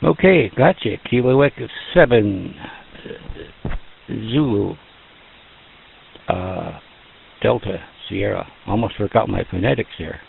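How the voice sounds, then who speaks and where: A man's voice: lowish voice, gravelly, narrow, tinny audio, slight background noise. A man running an amateur radio net, chatting in a folksy, joking way over a radio transmission. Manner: folksy, joking, slow and drawn out. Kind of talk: casual radio net chat.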